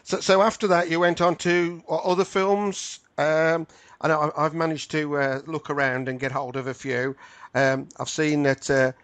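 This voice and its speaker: A man hosting an interview, keen and encouraging but halting, often repeating words before he gets going. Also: on the high side, little pitch movement, fairly bright tone, dry recording. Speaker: podcast host and interviewer. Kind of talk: interview chat.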